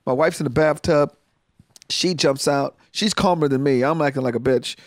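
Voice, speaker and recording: A man co-hosting a casual podcast chat, an animated storyteller who keeps cracking jokes. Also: fairly high pitch, moderate pace, no echo, clean studio sound. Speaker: podcast co-host.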